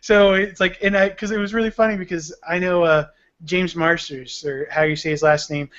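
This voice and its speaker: A man's voice: sits high, little pitch movement, moderate pace, fairly bright tone. Laughing, joking man on a lo-fi podcast. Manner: laughs often, crude jokes. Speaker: podcast co-host. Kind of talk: casual podcast banter. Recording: dull lo-fi podcast audio.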